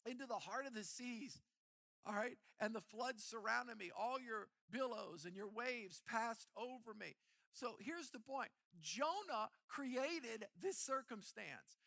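A middle-aged pastor delivers an animated sermon, often repeating words as he builds momentum. His voice sits high and sounds sharp and forceful, with a gravelly grain. The recording is dry and close, with no room echo. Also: unhurried. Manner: animated preaching, repeats words when worked up.

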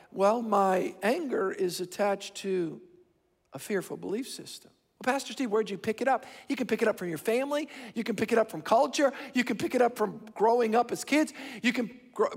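A high-pitched, gravelly middle-aged man delivers an emphatic sermon in a large church. He repeats phrases and slows down to press each point. The long reverb of the hall rings behind his voice. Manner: emphatic, repeats himself, shifting pace for stress. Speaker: pastor.

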